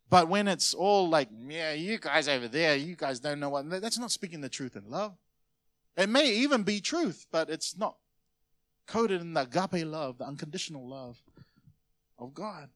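A pastor gives a sermon in church, talking to his congregation like he's chatting with them, then suddenly punching a phrase out loud. His voice sits a little higher than most men's. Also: dry recording. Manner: conversational preaching, sudden loud emphases.

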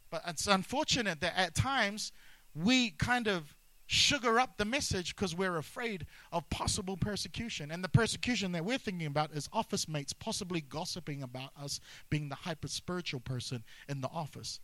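A man's voice: high voice, normal speed, bright, forceful tone, dry recording, rough recording. A man preaching a sermon as pastor, emphatic, repeating key phrases and mixing humor with intensity.

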